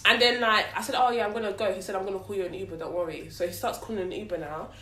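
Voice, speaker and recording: A woman's voice: mid-range voice, steady tone, bright, forceful tone, reverberant, far from the mic, slight background noise. A woman in her twenties with a London accent, telling a story in casual chat, acting out the lines of people she quotes. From London, England. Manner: rapid, storytelling, acts out quotes, laughs often.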